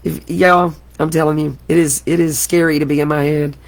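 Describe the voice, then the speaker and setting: A woman's voice: low voice, level tone, moderate pace, creaky. A middle-aged woman hosting a live craft tutorial, chatty and exclamatory, often laughing at herself. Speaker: crafting host.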